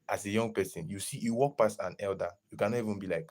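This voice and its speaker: A young man chatting casually on a live stream, lively and greeting viewers in the chat as he talks. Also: fairly low pitch, fast. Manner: animated, greets chat viewers, slips into pidgin.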